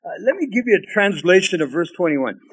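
A man preaching a sermon, reading scripture aloud and musing on it in deliberate asides. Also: high-pitched, sing-song, husky. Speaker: pastor.

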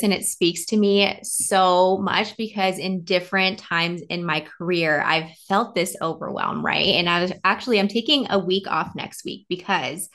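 A woman's voice: fairly low pitch, a bit bright. A woman hosting a podcast, affirming her guest and talking conversationally before asking questions. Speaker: podcast host. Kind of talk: casual podcast interview.

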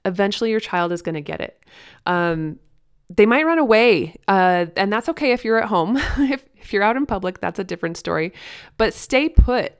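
A woman's voice: mid-range voice, animated, moderate pace, clean tone. A woman hosting a parenting podcast, talking earnestly and encouragingly in a casual, conversational way with fillers. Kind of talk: solo podcast advice talk.

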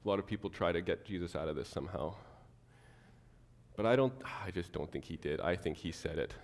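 A man preaching a sermon to his church, animated, acting out the people he quotes. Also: deep voice, fairly quick, long reverb tail. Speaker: pastor.

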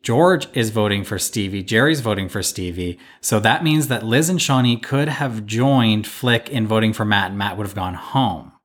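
A man with a fairly low voice talks through a TV episode with his co-host. He rambles thoughtfully, pausing on fillers as he works out his points. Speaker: podcast co-host. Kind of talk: casual recap chat.

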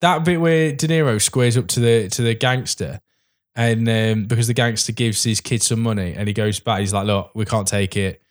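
A man in a loose podcast chat, speaking at a middling pitch and wandering through his points with lots of "like" and "you know". He swears freely and easily, restarting sentences as he goes. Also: moderate pace. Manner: swears casually, rambling with many fillers. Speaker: podcast co-host. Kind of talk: casual chat.

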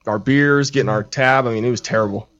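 A man's voice: medium pitch, quick pace, fairly bright tone, muffled recording. A man, a guest on a casual podcast, talking in a laid-back, joking way.

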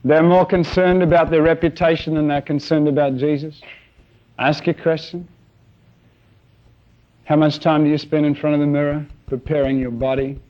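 A man preaching a sermon, telling stories in an animated way with acted-out sounds. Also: fairly high pitch, lo-fi sound. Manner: animated storytelling with shouted sound effects.

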